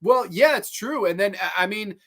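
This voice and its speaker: Excitable, foul-mouthed man with a higher voice. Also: normal speed. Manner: excitable, profane, rambling with frequent restarts. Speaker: horror review show host. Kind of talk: casual livestream chat, reading viewer comments.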